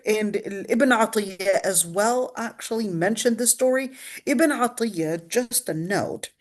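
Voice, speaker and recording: A woman lecturer teaching a Quran commentary lesson, talking casually and explaining as she reads, with frequent fillers and restarts. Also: on the high side. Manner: conversational, with many fillers and self-corrections; explanatory, walking through a text. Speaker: Islamic studies lecturer.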